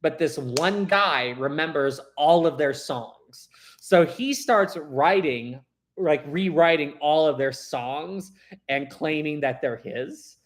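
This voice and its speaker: A man's voice: on the high side, slow. A man chatting casually with viewers as host of a live stream, rambling and laughing easily.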